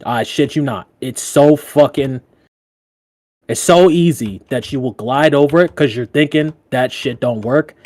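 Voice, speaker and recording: A man on a podcast giving casual dating advice in loose, profane slang, laughing often and jumping up in pitch when he tells a story. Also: unhurried, dry recording, studio quality. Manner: animated, with big jumps in pitch when telling stories. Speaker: podcast co-host.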